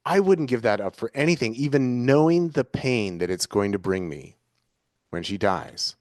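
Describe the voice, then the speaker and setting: Earnest man with a lowish voice. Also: normal speed, a little mellow, dry recording, clean studio sound. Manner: earnest, searching, circles back to restate ideas. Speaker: interview guest. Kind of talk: reflective conversational interview.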